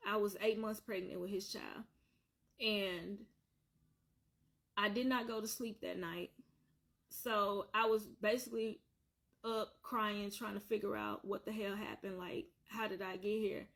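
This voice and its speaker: A woman's voice: medium pitch, steady tone, unhurried, fairly bright tone. A woman telling her own painful story on a vlog, earnest and repetitive, circling back to the same points. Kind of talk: emotional personal storytelling.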